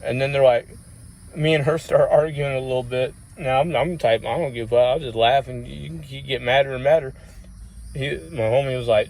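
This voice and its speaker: Man, casual vlog storytelling, rambling, lots of swearing and fillers, medium pitch. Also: fairly quick, gravelly, darkish tone, slight background noise. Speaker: vlogger.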